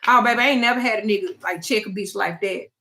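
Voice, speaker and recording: A woman hosting a live call-in talk show, telling a personal story in a blunt, profane and animated way. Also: mid-range voice, fast. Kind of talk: casual storytelling chat.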